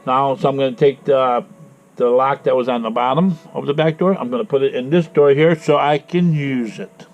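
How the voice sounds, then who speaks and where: A man's voice: medium pitch, fairly even intonation, moderate pace, faint music behind. A man with a head cold, ranting angrily and swearing while he tells a bad day, repeating himself. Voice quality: congested. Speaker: vlogger. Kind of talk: ranting personal vlog. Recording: dull lo-fi sound with faint noise.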